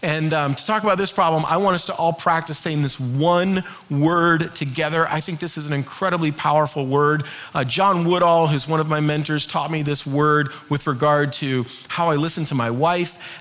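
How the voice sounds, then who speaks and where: A middle-aged male pastor preaches with a high, bright voice. He keeps it conversational and lively, pulling the congregation into call-and-response. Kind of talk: sermon.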